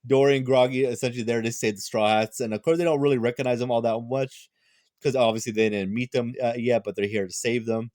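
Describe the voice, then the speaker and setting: A tired young man reviewing a manga chapter in a casual, rambling chat, full of fillers and quick restarts. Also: medium pitch, steady tone, a little mellow, dry recording, clean studio sound.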